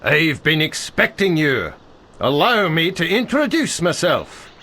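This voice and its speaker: An actor playing a fawning, scheming male messenger who talks in a theatrical, flattering way. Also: on the high side, unhurried, heavily acted.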